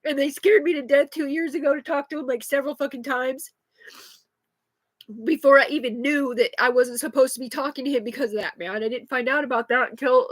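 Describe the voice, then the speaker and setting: A woman's voice: high-pitched, fairly even intonation, a little fast, no room sound. A woman, likely in her thirties, talking agitatedly and rambling with heavy swearing in an unscripted live stream on a phone. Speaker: livestreamer.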